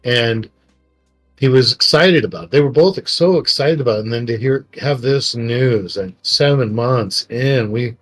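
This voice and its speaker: A man's voice: medium pitch, normal speed. Storytelling middle-aged man, faint music. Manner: rambling, emotional storytelling with acted quotes. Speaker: podcast co-host. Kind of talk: casual storytelling chat.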